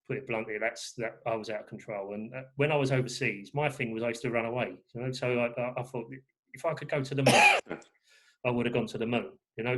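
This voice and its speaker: A man's voice: medium pitch, a bit bright. A man from England, talking as a guest in a rambling way with many fillers and restarts. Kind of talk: casual conversation.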